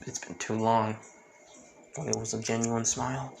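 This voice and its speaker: A man narrates an improvised fan story in a mid-pitched voice. He rambles, loops back on himself and fills gaps with fillers, with a faint hiss behind him. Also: little pitch movement, moderate pace, creaky.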